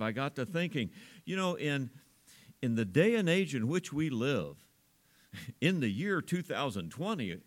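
A man preaching a sermon as pastor, folksy and rambling, chuckling often and leaning hard on small words. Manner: stresses small words with big pitch swings.

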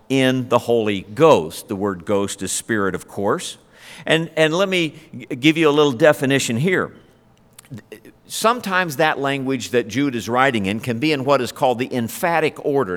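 A man's voice: mid-range voice, a bit bright. A man preaching a sermon in a conversational way, asking his listeners questions as a pastor. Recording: long hall reverb.

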